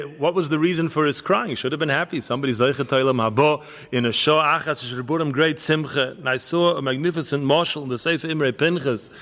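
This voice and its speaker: Man lecturing in a bright, reverberant hall. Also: a little high. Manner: storytelling, teaching with parables, Hebrew terms woven in. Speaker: rabbi giving a lecture. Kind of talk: Torah lecture.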